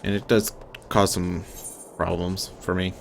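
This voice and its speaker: A man's voice: deep voice, level tone, measured pace, gravelly, a little hiss or hum. A man giving casual, self-deprecating gameplay commentary as the host of a let's play.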